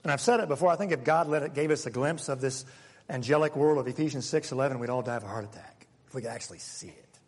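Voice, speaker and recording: A man preaching a sermon as pastor, animated, dropping into hushed asides. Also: mid-range voice, fast. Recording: long reverb of a large hall.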